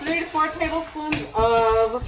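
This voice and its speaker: A woman's voice: sits high, unhurried. A woman chatting casually as she cooks in her home kitchen, laughing often while she tells family stories. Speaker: home cook filming herself. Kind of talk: casual cooking chat. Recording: noisy kitchen recording.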